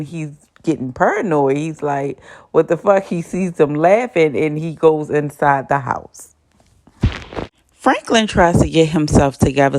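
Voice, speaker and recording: A woman in a casual, animated TV episode recap, chatting and laughing often. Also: low-pitched.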